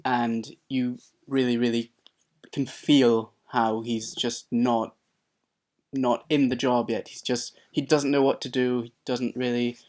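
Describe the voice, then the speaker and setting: A man's voice: mid-range voice, little pitch movement, darkish tone. Hesitant, agreeable male co-reviewer. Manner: hesitant and agreeable, with halting repeats. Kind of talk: casual film review chat.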